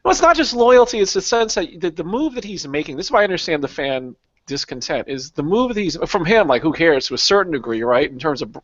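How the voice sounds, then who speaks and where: A man's voice: on the high side, lively intonation, quick pace, a bit bright, no room sound, muffled recording. A man hosting a casual talk show, sarcastic and given to long run-on thoughts. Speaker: podcast host. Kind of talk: casual chat.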